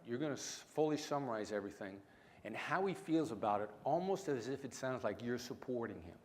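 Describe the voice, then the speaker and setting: A middle-aged man with a mix of small-town Midwestern and New York City accent, giving a punchy keynote with dramatic pauses. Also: mid-range voice, animated, darkish tone. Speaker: keynote speaker, negotiation expert. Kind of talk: conference keynote storytelling. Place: large lecture hall. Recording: hall reverb, faint room noise.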